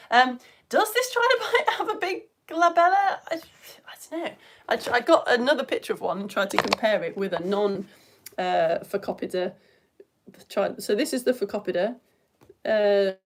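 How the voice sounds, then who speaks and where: An excitable, chatty woman from the United Kingdom hosts a live science show for children, talking straight to her viewers. Her voice sits at a medium pitch. She is recorded on a phone camera indoors at home. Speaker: science presenter.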